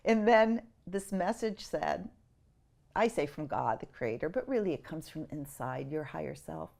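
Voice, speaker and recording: A middle-aged woman, an interview guest, tells a personal story in an animated, emotional way and acts out the voices of the people in it. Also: deep voice, unhurried, gravelly.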